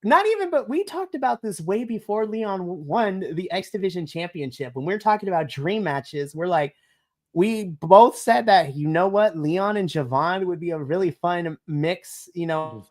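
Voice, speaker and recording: A podcast co-host in casual wrestling review chat. Excitable, they keep acting out their own reactions as quotes. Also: medium pitch, moderate pace. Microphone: podcast mic.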